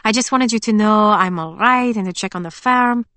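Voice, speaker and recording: A woman voicing a young heroine in an audiobook, in a plain, steady, lightly wry manner close to her own voice. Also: mid-range voice, moderate pace, dry recording, natural voice. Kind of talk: audiobook character voice.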